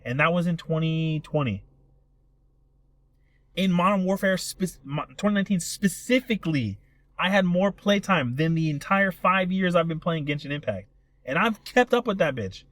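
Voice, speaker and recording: A man's voice: a little high, fairly bright tone, no echo. Rambling, cussing young podcast guy. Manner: rambling, profane, self-interrupting storyteller. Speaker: podcast co-host. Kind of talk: casual chat.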